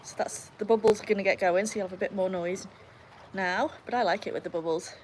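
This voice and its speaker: A woman's voice: medium pitch, steady tone, fast talker, slight background noise. A young woman from England and Wales chatting casually with viewers on a live stream from beside a home pool. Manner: chatty, answers viewers, cheers loud woohoos at the dog. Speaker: livestream host with her dogs. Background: pool pump and faint outdoor ambience.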